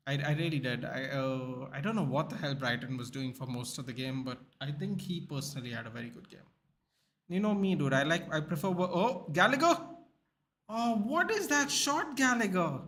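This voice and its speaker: A man's voice: a little high, a little hiss or hum. Chatty Indian-accented man saying dude. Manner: loose and chatty, says dude a lot, excitable reactions. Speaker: livestream host. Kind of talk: casual watchalong chat, reading viewer comments.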